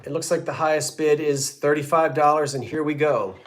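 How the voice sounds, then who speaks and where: Counting down bids and joking with his regular buyers, an American man runs a live online auction in casual selling chat. He breaks into coughing fits at times. His voice is a little high and his pace brisk.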